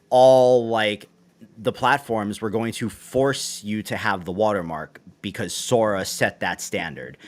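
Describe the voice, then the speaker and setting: A man hosting a casual tech livestream, rambling and correcting himself as he goes. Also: on the low side. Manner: rambling, self-correcting, soft asides. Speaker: show host. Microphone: webcam setup on a video call.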